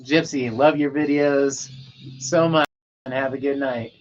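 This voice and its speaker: A man's voice: medium pitch, fairly even intonation, unhurried. Laid-back rambling man on a lo-fi stream. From Colorado, USA. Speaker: livestream host. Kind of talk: casual late-night livestream chat. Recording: dull lo-fi sound.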